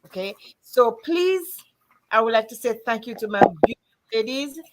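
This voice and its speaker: A woman hosting a livestream in a lively, chatty way. She talks easily with her guests and breaks into laughter often. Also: fairly high pitch, normal speed, heavy background noise. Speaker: online show host. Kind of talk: casual livestream chat.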